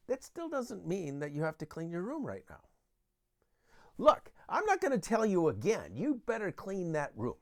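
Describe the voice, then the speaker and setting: A man's voice: high-pitched, creaky, darkish tone. A man giving an earnest Christian parenting talk that uses Bible verses and everyday examples.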